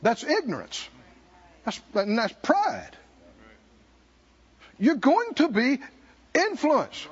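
An older man preaching a conference sermon, animated, acting out voices and drawing responses from the congregation. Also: extremely high pitch, slow pace, pauses often, breathy edge. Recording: dull lo-fi live recording.

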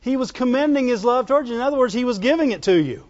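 A man preaches a folksy, call-and-response sermon in a strikingly high voice. The sound is dull and muffled, with a long reverb trailing behind him in a church hall. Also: lively intonation, rapid-fire.

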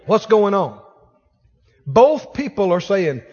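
Lively high-voiced preacher in a big hall. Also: male voice, moderate pace, highs cut off. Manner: animated preaching, acts out quoted voices. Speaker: pastor. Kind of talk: sermon.

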